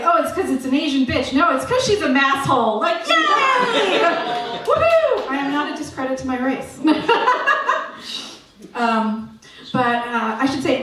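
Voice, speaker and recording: A woman's voice: on the high side, slight background noise. A woman comedian performing a stand-up set on a comedy club stage, with dry, self-mocking delivery. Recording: echoey room captured from far off.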